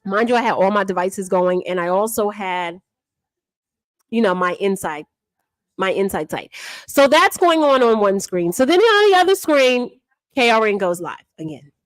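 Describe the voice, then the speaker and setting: A woman, a mother, chatting casually as she recaps online drama in an animated, repetitive, slangy way. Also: medium pitch, normal speed, no echo. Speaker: livestream drama commentator.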